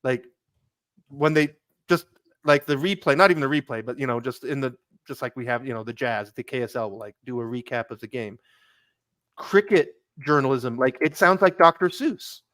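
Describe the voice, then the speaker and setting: A man's voice: medium pitch, normal speed, fairly bright tone, no echo. A man in a casual podcast chat, telling rambling, chatty stories.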